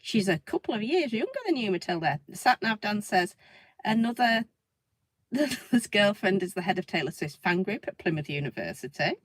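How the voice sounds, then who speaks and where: A woman's voice: mid-range voice, sing-song, normal speed. A middle-aged Englishwoman reads viewer comments aloud on a casual livestream, breaking into laughter often. Her voice sits in an ordinary middle range and sounds dry and close, with no room echo. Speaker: livestream co-host reading comments.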